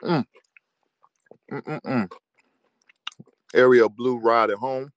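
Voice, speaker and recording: A man's voice: mid-range voice, fairly even intonation, very slow, dry recording. A man hosting a live audio room, ranting crudely and cursing with frequent laughter. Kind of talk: profane casual rant to listeners.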